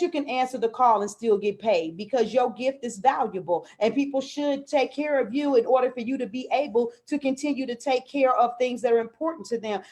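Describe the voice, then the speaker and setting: A woman's voice: fairly high pitch, a little mellow. Fervent woman podcast host. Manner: fervent, preachy, repeats words when fired up. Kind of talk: live-streamed podcast talk. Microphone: live stream on a video call.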